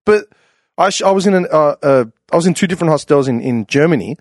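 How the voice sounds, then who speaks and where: Fast-talking man spinning a travel yarn. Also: on the high side, no echo, studio quality. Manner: animated rambling storyteller, slangy, swears. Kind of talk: casual chat.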